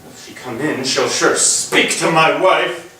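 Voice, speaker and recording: A man's voice: on the high side, a little slow, sharp tone. A man playing a tormented jealous general. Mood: brooding. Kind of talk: stage Shakespeare acting. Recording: roomy hall, distant mic, faint noise.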